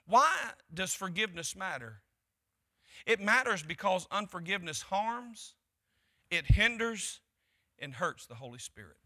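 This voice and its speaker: A man's voice: high voice, pushed and bright. A man preaching a sermon to his church, building emphasis through repeated phrases. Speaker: pastor.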